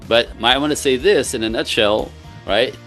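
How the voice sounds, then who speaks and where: A man's voice: mid-range voice, normal speed, fairly bright tone, faint music behind. A man speaking as a relationship coach in casual podcast talk, earnest and emphatic, often laughing between points.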